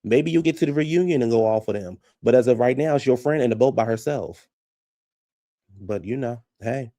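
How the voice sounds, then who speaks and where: A man giving casual, profane reaction commentary on a reality show, blunt and animated, often laughing. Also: mid-range voice, moderate pace, no echo, clean studio sound.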